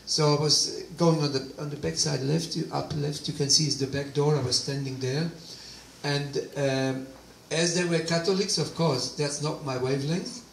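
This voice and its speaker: Animated male speaker telling his testimony; gravelly voice, recorded from afar in a roomy hall with faint ambience. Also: a little high, moderate pace, far from the mic, slight background noise. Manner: animated storytelling with quoted dialogue. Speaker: guest speaker. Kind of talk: personal testimony talk.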